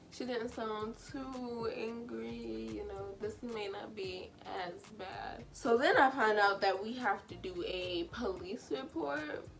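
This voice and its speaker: Bright, animated young woman telling a story. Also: mid-range voice. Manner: animated and chatty, full of fillers. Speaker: vlogger. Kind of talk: casual storytime. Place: at home.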